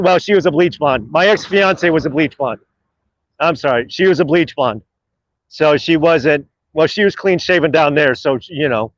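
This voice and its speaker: A man's voice: high voice, no room sound. A man ranting with lots of swearing on a live stream while driving, recorded dry and muffled in his car. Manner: profane, rambling, opinionated. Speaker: livestream host. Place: in a car in traffic.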